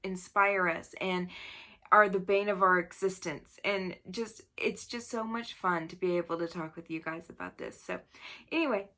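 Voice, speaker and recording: A woman's voice: fairly low pitch, steady tone, moderate pace, bright, forceful tone. A woman reviewing books in a casual video, blunt and exasperated, often breaking into laughter. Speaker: book reviewer.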